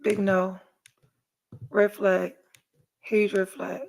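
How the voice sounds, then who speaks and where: A woman's voice: medium pitch, flat delivery, extremely slow, vocal fry, darkish tone. A middle-aged woman hosting a podcast, telling a story in casual chat and reading viewer comments, blunt and profane. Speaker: podcast host.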